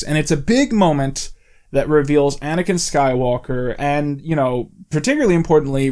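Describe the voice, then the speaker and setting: A man's voice: fairly high pitch, darkish tone. A man talking off the cuff into a close mic, explaining at length in a casual, rambling way with many "you know"s and "like"s. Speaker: video essay host.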